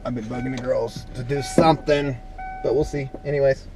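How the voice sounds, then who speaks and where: A man's voice: medium pitch, fairly even intonation, fairly quick, over music. A man hosting a casual family vlog, jokey and upbeat as he teases his family. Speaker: vlog host.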